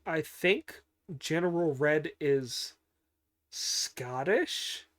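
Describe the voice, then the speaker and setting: A man giving a casual, unhurried recap of a cartoon episode, with many pauses and fillers and dry joking asides. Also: a little high, animated, fairly bright tone. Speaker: show recapper.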